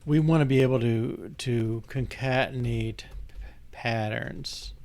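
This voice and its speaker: A man's voice: medium pitch, steady tone, takes it slowly, gravelly, a little mellow. A man working through code on screen, thinking aloud with frequent restarts and fillers. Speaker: programmer demonstrating code. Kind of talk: casual live coding walkthrough.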